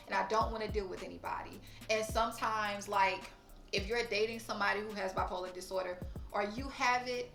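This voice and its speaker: A woman's voice: medium pitch, a bit bright, roomy sound. A woman talking frankly and emotionally in a personal vlog, swearing casually. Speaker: vlogger. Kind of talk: candid personal vlog talk.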